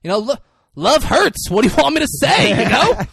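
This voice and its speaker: A gloating young male killer, as a man puts him on, mocking and boastful. His voice sits high and jumps around as he taunts his lawyer and shouts. The sound is dry and close. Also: big pitch swings, fairly quick, no room sound, heavily acted. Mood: taunting.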